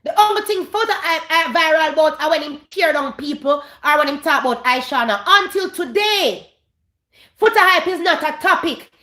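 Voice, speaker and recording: A woman's voice: sits high, animated, normal speed, bright, forceful tone, reverberant. A woman with a Jamaican accent hosting a gossip commentary vlog, emphatic and repeating her points, slipping in and out of Patois. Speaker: vlogger host.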